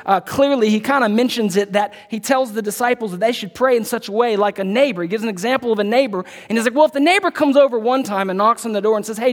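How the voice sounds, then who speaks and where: A man preaching a sermon as pastor, emphatic and repetitive, swinging from loud, drawn-out lines to hushed, close asides. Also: high-pitched. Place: church. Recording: church hall with long reverb.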